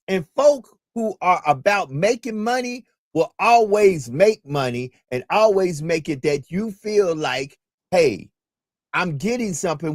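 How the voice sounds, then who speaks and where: Speaking in a high voice with clean, echo-free studio sound, a man hosts a community talk radio show. His delivery is emphatic and preacherly, and he keeps repeating his key points.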